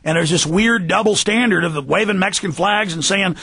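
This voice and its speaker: A male radio host rants emphatically, his voice pitched high with a husky, gravelly grain. He is heard dry and close on the mic, and he pushes hard into his points, sometimes rising to a shout. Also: fairly quick, no echo. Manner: emphatic, ranting, raises voice to a shout. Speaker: radio talk show host. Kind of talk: heated talk radio rant.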